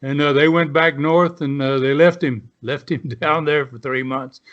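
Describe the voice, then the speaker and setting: A man's voice: fairly high pitch, steady tone, normal speed, a bit bright, dull audio. A man in his seventies, a former wrestler, tells stories as an interview guest in a rambling way, full of "uh" and "you know" fillers. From Southern United States. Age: 70s. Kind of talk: storytelling in a casual interview.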